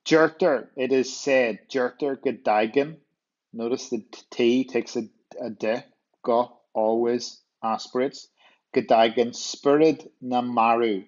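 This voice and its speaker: A male teacher with a Northern Irish accent, slowly walking students through vocabulary and repeating words to drill them. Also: mid-range voice. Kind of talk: walkthrough lesson explaining vocabulary. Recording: dull lo-fi voice recording.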